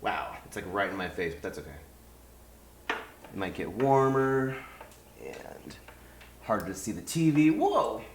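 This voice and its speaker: A man's voice: lowish voice, very animated, a little slow, pauses often, background noise. Chatty man streaming a game. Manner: rambling, chatty, many fillers. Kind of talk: casual live game commentary. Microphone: desk mic. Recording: roomy room with game music.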